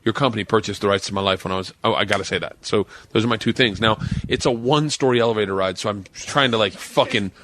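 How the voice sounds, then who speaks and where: Talking at a quick pace with few pauses, a fairly low-voiced man in his forties tells a lively story on a podcast. He curses freely and acts out the quotes of the people involved.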